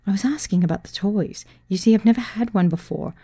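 A woman voicing a shy, nervous newlywed woman who speaks in a hushed, hesitant way. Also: medium pitch, fairly quick, husky, no room sound, studio quality, pitched above the performer's own voice.

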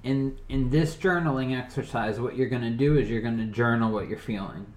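A man in a casual podcast, explaining things in a steady, measured way and keeping score in a game. His voice sits mid-range with a noticeable room echo. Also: medium pitch. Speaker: podcast co-host. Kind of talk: casual chat.

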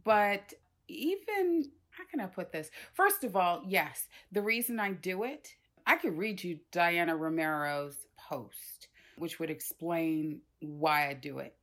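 A woman in her fifties telling personal stories in a conversation, emotional and animated, acting out her relatives' voices. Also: on the low side, takes it slowly. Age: 50s. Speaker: guest.

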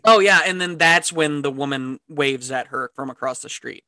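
Podcast co-host, playful and swearing, crisp bright tone, dry studio sound. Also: medium pitch, moderate pace, no room sound. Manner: profane, giggly, playful. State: says they are high. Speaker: podcast co-host recapping the film. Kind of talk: casual podcast chat. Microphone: podcast microphone.

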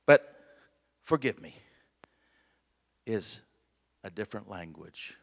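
A man's voice: fairly low pitch, sing-song, a little slow, long pauses, a bit bright, slightly rough. Preacher man in a reverberant church hall. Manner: conversational preaching, calls for amens, chuckles often. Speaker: pastor. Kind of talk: sermon. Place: church sanctuary.

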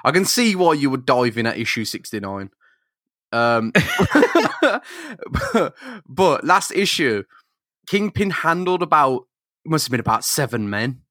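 A man co-hosting a podcast in casual comic chat, excitable and quick to laugh and joke. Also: a little high, dry recording, studio quality. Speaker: podcast co-host.

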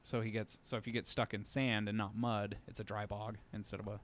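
In a studio podcast, a male co-host rambles through a long story in a casual chat, using many fillers. He speaks a little fast with a lowish voice and a flat delivery.

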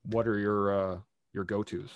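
Animated man telling anger stories. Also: on the low side, normal speed, dry recording, muffled recording. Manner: animated, acts out his own angry outbursts; swears casually. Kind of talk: casual conversation.

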